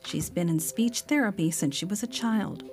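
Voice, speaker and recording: A woman narrates a documentary in a calm, explanatory manner. Her pitch sits in a middle range. Faint music plays beneath her. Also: moderate pace. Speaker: documentary narrator and voice-over translator.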